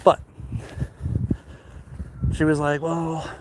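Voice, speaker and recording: A man's voice: mid-range voice, steady tone, unhurried. A man casually telling a story while walking outdoors, rambling with many fillers and restarts. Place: outdoors on a walk. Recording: loud outdoor noise.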